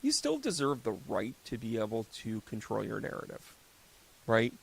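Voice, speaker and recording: A man's voice: medium pitch, huge pitch swings, normal speed, gravelly, a little hiss or hum. A man in his fifties hosting a casual solo podcast as a medium, rambling and joking as he acts out little scenes. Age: 50s. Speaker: host and psychic medium.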